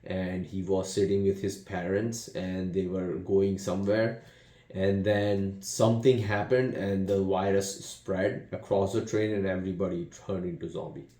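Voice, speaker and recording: A man's voice: low-pitched, level tone, unhurried, mellow, roomy sound. A man giving a casual, rambling spoken movie review, retelling scenes with many fillers and restarts. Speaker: film reviewer.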